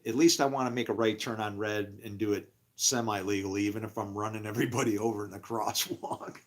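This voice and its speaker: Middle-aged male storyteller, lively and loud, jumps into high voices for other people, casual and rough-spoken. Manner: animated, acts out other people's voices in a raised pitch.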